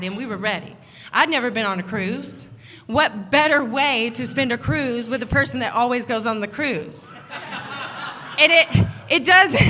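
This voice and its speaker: A woman giving a funny wedding toast as the groom's sister, animated and laughing as she acts out the voices in her story. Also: fairly high pitch, a little hiss or hum. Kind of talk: humorous storytelling speech. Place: wedding reception.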